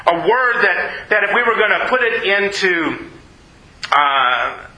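A man preaching a sermon, emphatic, repeating words and dropping low and slow on key phrases. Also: big pitch swings, pushed and bright, echoey room, rough recording.

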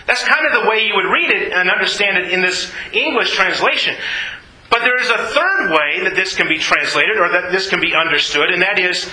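A man's voice: high voice, lively intonation, a little fast, pushed and bright. A man preaching a Bible teaching sermon, explaining things in a patient, teacherly way. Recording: roomy echoey room.

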